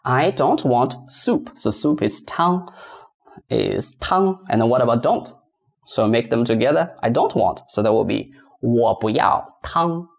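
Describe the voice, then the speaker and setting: A man's voice: animated, creaky. Patient teacher, man. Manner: patient, repeats sounds slowly, bouncy pitch on tones. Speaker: Mandarin teacher. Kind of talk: beginner pronunciation lesson.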